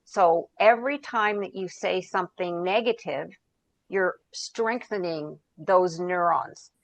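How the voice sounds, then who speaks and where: Low-voiced woman telling coaching stories. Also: slow, creaky. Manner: storytelling, searches for words, quotes herself and others. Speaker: podcast guest, founder and coach. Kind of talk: conversational interview.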